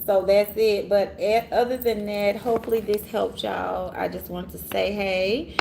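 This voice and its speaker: Lively woman livestream host. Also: medium pitch, a little slow, creaky, background noise. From Orange Mound, Memphis area, USA. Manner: animated, laughs often, talks to viewers as y'all. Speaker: tarot reader and livestream host. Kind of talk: casual livestream chat. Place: city hotel room, sirens outside.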